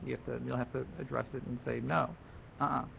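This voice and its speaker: In a lecture room, a man leads a workshop for language teachers, his mid-range voice completely flat, racing and creaky over a rough recording with a little hiss or hum. He talks conversationally with many restarts, acting out what students and teachers say.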